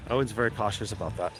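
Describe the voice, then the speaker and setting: A man in his thirties hosting a casual live vlog outdoors at a theme park, chatty and jokey, rambling along as he goes. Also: fairly low pitch. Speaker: livestream host.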